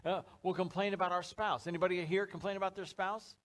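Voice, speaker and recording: A man's voice: high-pitched, fairly even intonation, fast, a bit bright. A man preaching a sermon to a church congregation, speaking in a conversational, joking way. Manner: conversational, joking, acts out little scenes. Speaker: pastor. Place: church service before a live congregation.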